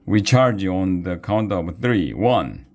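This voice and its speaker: A man's voice: deep voice, very animated, unhurried, heavily acted. A man reading a storybook and voicing a brash, bossy boy who leads a rival gang and barks orders. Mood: dismissive. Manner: dismissive, brash, shouting orders.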